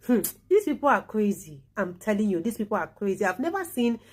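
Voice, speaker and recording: A woman's voice: mid-range voice, sing-song, brisk. A woman hosting a reaction vlog, chatty and indignant toward her viewers. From Ghana. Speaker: channel host.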